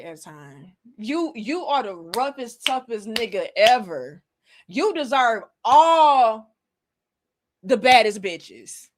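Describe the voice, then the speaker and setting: Woman host, slightly high voice, salty sarcastic rant. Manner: profane, sarcastic, animated with exaggerated mock apologies. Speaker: commentary channel host. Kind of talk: casual commentary rant.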